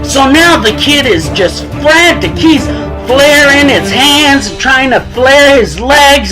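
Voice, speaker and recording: A man's voice: extremely high pitch, animated, slow pace, bright, forceful tone, faint music behind, low-quality recording. Conversational male motivational storyteller. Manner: conversational, addresses listeners directly.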